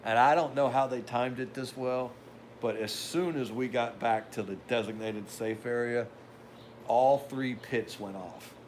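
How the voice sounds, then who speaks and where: A man's voice: mid-range voice, unhurried, slight background noise. An older man hosting a podcast, telling a rambling anecdote in a casual way with wry asides. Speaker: podcast host. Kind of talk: casual storytelling.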